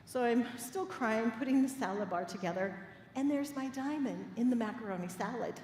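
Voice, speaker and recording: A middle-aged woman minister preaching a sermon, telling personal stories in a lively, playful way and laughing with the congregation. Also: fairly high pitch, moderate pace. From Midwest United States. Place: church sanctuary. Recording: echoey hall with faint room noise.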